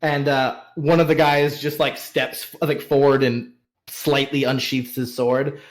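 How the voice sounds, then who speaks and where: A man running a tabletop game as narrator, describing characters at a slow, unhurried pace. He hesitates often, with lots of filler sounds between phrases. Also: medium pitch, level tone. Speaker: game master.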